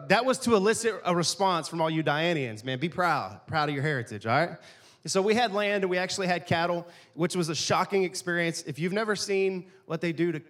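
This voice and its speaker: A pastor delivers his sermon like a chat with friends, full of jokes and asides. His voice sits a little higher than most men's. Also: a bit bright. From East Texas, USA. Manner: casual, joking, conversational preaching.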